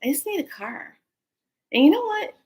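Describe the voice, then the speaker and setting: Woman, spiritual speaker, personal storytelling, expressive, acts out voices. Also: extremely high pitch, normal speed.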